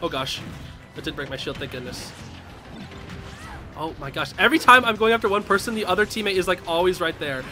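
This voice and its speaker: A young man live-streaming a game, commenting casually and yelling and laughing at the action. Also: sits high, expressive, a little fast, long pauses. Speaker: streamer playing online matches.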